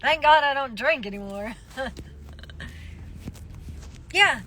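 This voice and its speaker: Lady with a super high bright voice, slow and dramatic, telling stories on her phone in a car. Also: lively intonation. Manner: dramatic, tells the story with plenty of laughs. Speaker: social media live streamer. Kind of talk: casual storytelling. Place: inside a car.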